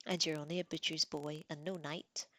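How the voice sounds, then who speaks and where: Seorang perempuan membacakan suara pangeran remaja laki-laki yang kejam, mengejek dan angkuh. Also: female voice, deep voice, steady tone, normal speed, pushed and bright, no room sound, exaggerated voice. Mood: taunting. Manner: sneering, taunting. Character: cruel arrogant teenage prince, boy.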